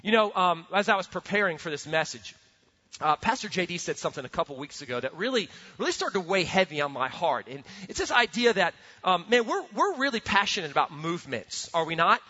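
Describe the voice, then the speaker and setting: A man preaching a sermon as a pastor, earnest and animated, often repeating words as he builds a point. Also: high voice, brisk, breathy edge. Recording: dull sound with long hall reverb.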